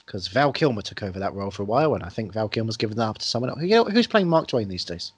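A man co-hosting a podcast, chatting casually about films with jokes and quick tangents. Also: lowish voice, big pitch swings, breathy edge, dry recording. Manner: enthusiastic, jokey, drifts into tangents. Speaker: podcast co-host. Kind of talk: casual film chat.

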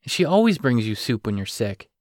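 A man voicing a weary, protective single father who talks in a gentle, low-key way. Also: sing-song, brisk, no echo, clean studio sound, natural voice. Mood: firm.

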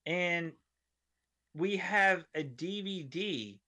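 A man, a comedian guest on a studio podcast, telling a rambling story in an animated way and acting out the voices of people in it. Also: sits high, very slow. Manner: animated, acts out voices in his stories, rambling tangents.

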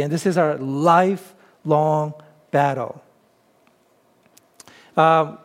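Man, pastor, sermon, fairly high voice, conversational, rhetorical questions.

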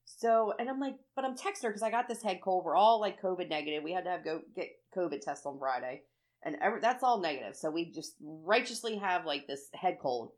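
A woman's voice: fairly low pitch, a little fast. A woman in casual chat, telling a story with lots of feeling, acting out what she said and cursing freely. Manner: animated storytelling, acts out her own quotes, swears freely.

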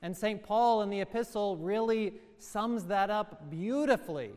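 A man, a priest, giving a sermon in a measured, emphatic way, slowing down on key words. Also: sits high, darkish tone, clean tone. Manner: measured, emphatic preaching with slowed stresses. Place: church. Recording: long church reverb.

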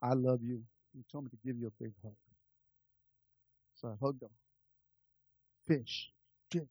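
A pastor telling a personal story in a sermon, moving between quiet, confiding asides and loud, lively peaks. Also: male voice, medium pitch, measured pace, husky, no echo. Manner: animated, swings from soft asides to loud climaxes.

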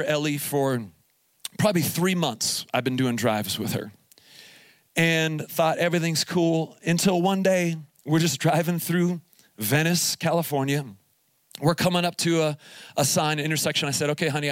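A man's voice: fairly high pitch, no room sound. A pastor in his forties preaching at a youth camp, telling a family story with acted-out dialogue and humor. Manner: animated storytelling, acting out dialogue. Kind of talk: live sermon at a youth camp. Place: camp meeting hall.

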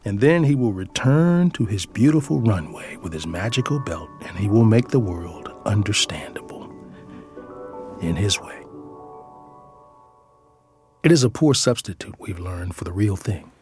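Reflective low-voiced male storyteller. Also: expressive, unhurried, pauses often, darkish tone. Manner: reflective and tender, drops to a whisper at times. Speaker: father and storyteller. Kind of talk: scripted first-person storytelling. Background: background music.

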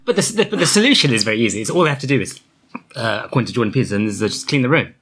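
A man on a comedy podcast, making contrarian, deliberately absurd claims. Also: medium pitch, lively intonation, fairly bright tone, slightly rough.

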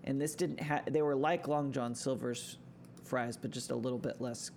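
A man's voice: medium pitch, steady tone, normal speed, vocal fry, a little mellow, slight background noise. A man co-hosting a sports podcast, chatting casually and hesitantly with many restarts. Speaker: podcast co-host. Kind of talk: casual chat.

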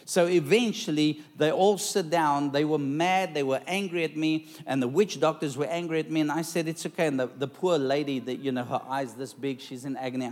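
A male preacher telling a story in a sermon, dramatic and lively, calling out to the congregation for responses. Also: fairly high pitch, a little fast, few pauses.

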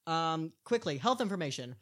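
A man's voice: on the high side, very animated, fairly bright tone. Joking young-sounding male podcast host. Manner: jokey, quick asides, stumbles over foreign words. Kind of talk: casual podcast chat.

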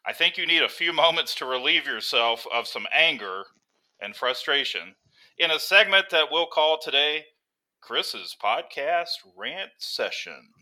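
A man's voice: a little high, lively intonation, measured pace, pushed and bright. A man co-hosting a podcast as a school counselor, upbeat and teasing in casual banter. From United States.

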